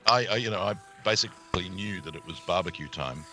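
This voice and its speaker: Deep bright-toned player. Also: male voice, a little fast, faint music behind. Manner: hesitant, restarts often. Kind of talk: casual tabletop play.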